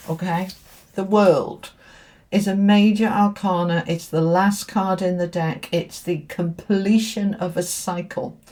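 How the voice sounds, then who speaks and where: Mellow-voiced woman giving a tarot reading. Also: on the low side. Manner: chatty, repeats rhetorical questions. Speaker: tarot reader and spiritual teacher. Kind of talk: casual spoken tarot reading.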